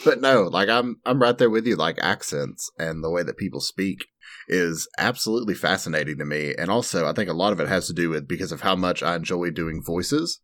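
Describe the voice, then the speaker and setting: A man's voice: low voice, brisk, fairly bright tone. An American man chatting casually as a podcast co-host, self-deprecating and joking, laughing often. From United States. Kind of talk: casual chat.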